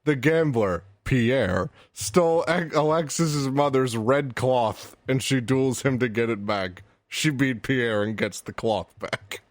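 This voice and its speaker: A man's voice: mid-range voice, slow pace, few pauses, no echo. A man co-hosting a casual podcast, recapping an anime episode with frequent laughter and swearing. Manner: laughs often, swears freely. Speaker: podcast co-host.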